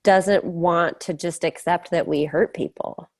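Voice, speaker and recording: A woman's voice: fairly low pitch, steady tone, a little slow. A woman co-hosting a church talk, asking thoughtful questions.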